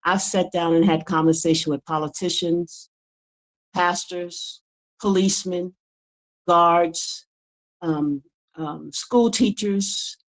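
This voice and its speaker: A woman's voice: lowish voice, steady tone, slow pace, low-quality recording. An older woman, a guest in a casual interview, talking earnestly and often repeating words as she builds her point. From United States. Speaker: guest author.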